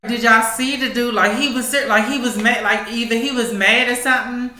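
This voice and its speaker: Bright chatty d.c. woman podcasting, cussing a lot, echoey room. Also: fairly high pitch, steady tone, fairly quick, a little hiss or hum. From Washington, D.C. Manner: profane, chatty, laughing. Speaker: podcast host. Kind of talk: casual commentary.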